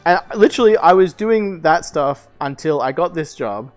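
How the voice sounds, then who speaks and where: A young man with a fairly high, light voice chats casually on a live stream, rambling through a story with lots of "like" and restarts and casual swearing. Soft music plays faintly underneath. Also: expressive, moderate pace.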